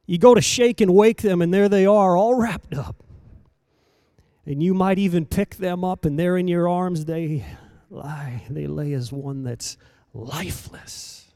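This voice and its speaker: High-voiced man preaching with fervor. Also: steady tone, unhurried, dry recording, clean studio sound. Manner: swings between hushed lines and loud emphatic calls; repetitive, rhythmic preaching cadence. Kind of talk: sermon.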